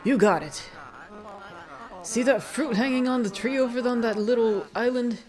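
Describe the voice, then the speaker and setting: A woman's voice: on the high side, normal speed, a little mellow, pitched above the performer's own voice, natural voice. A woman voicing a boastful, earnest wandering male archer, reading game dialogue aloud.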